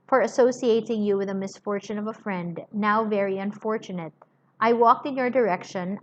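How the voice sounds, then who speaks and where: A woman reading aloud as a cool, sardonic Englishman who speaks in measured, quietly cutting sentences, on a slightly muffled lo-fi recording. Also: medium pitch, slight background noise, lightly acted.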